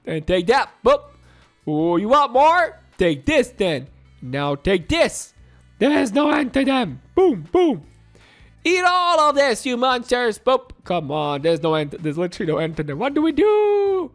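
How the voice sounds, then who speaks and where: A woman voicing Baby Sonic, a boastful, excitable baby hedgehog, during playful game role-play. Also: fairly high pitch, unhurried, soft background music, pitched below the performer's own voice. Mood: excited. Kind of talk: Roblox gameplay role-play.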